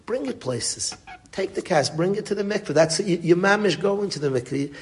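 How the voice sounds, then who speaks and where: A man's voice: high-pitched, lively intonation, a little fast. A man giving a Torah lecture to a group, speaking earnestly and mixing Hebrew and Yiddish words into his English. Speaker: rabbi teaching a Torah class.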